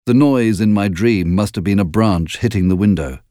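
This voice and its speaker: A man with a fairly low voice narrates an audiobook, expressive and measured in his storytelling. The recording is clean studio sound with no room ambience.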